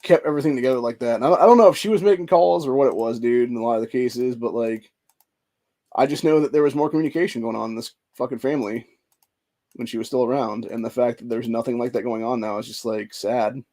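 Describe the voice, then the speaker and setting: A man in his forties pours out his frustrations quickly, his voice gravelly with fry. He rambles and swears constantly, and he sounds emotional and stressed. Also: mid-range voice, mellow. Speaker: vlogger. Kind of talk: casual venting monologue.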